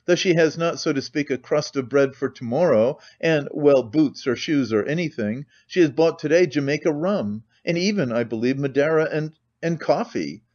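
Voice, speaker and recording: A man voicing a calculating, pompous middle-aged suitor who talks in a measured, formal way, full of hedging phrases. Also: on the high side, expressive, a little mellow, muffled recording.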